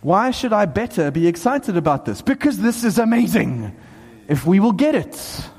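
A man preaching to a handful of people in a hall, his high voice leaping up and down as he presses his point. A long reverb hangs behind every phrase. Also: normal speed, husky. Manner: animated, bursts into excited shouts and laughs. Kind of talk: sermon. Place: small hall with a few people.

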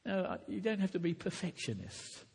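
A man preaching in a large church hall, his slightly raised voice husky and edged with breath. He speaks earnestly, restarts phrases, and climbs to emphatic peaks. A long reverb trails each line. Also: high-pitched, big pitch swings, fairly quick. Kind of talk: sermon to preachers.

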